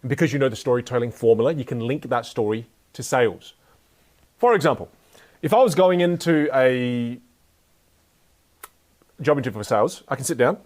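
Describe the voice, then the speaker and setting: A young man giving a lively motivational talk on communication skills, joking and chatting with his audience. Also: medium pitch, normal speed, long pauses. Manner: energetic, playful, jokes with the audience. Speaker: speaker teaching communication skills.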